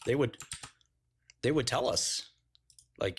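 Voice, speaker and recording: A man's voice: mid-range voice, slow pace, long pauses, a bit bright, breathy edge. A man hosting a casual livestream, telling crude slangy stories and laughing often. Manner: slangy storytelling. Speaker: livestream host.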